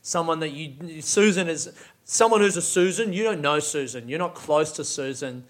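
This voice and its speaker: A man's voice: a little high, normal speed. Raised-voice man breaking down a song. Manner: casual, swears freely, laughs a lot while talking. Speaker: music reviewer. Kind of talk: casual song lyric breakdown.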